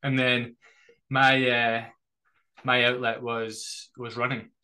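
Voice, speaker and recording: Man, podcast host, mid-pitched voice, earnest, thoughtful, slightly halting. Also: flat delivery, bright, forceful tone, rough recording. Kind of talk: candid interview conversation.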